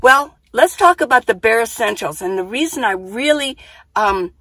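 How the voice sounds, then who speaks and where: A woman with a slightly raised pitch chats casually to her camera from inside her minivan. She rambles a little, repeats phrases and thinks out loud. The sound comes from a camera mic in a small vehicle. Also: expressive, moderate pace, no echo. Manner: chatty and repetitive, thinks aloud. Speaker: vlogger living in her minivan. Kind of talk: casual vlog talk to camera. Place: outdoors then inside a minivan.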